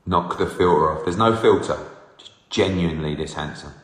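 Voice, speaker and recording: A man's voice: low-pitched, moderate pace, a bit bright. A man in his forties, hosting a live Q&A and teasing fans as he reads out their comments. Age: 40s. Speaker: host answering fan questions. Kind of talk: live casual Q&A. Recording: roomy with long reverb.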